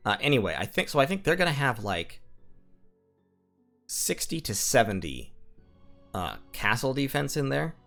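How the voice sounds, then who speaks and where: Lively-voiced man planning game moves. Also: mid-range voice, moderate pace, creaky, pauses often, faint music behind. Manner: methodical, talks through plans and numbers. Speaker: strategy game let's-player. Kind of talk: thinking-aloud gameplay commentary.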